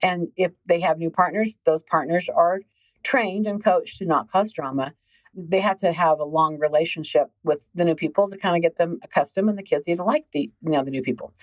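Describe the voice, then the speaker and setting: A woman's voice: fairly low pitch, brisk, low-quality recording. A middle-aged woman hosting a relationship podcast, talking casually and emphatically, repeating words for stress. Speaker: host, relationship healing coach.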